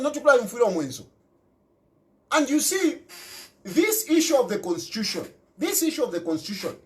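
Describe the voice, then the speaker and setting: A Zambian man with a Zambian accent giving an impassioned political monologue, repeating phrases for emphasis and slipping local words into his English. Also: extremely high pitch. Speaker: political commentator.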